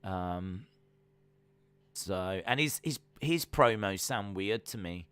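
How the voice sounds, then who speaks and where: A male live streamer who talks in a loose, rambling way, often pausing on "uh" and "um" and reading out viewer comments. His voice is fairly low but bright and forceful. The sound is close and dry, with almost no room around it. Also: animated, clear, resonant tone, no echo. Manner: casual and rambling, many fillers, reads viewer comments aloud. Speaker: wrestling stream host. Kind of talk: live reaction stream chat.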